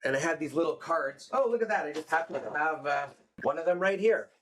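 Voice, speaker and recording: A man hosting a podcast in casual chat, telling stories with lively acted-out quotes. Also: on the high side, fairly quick, slight background noise. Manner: animated storyteller, acts out quotes. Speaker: podcast host.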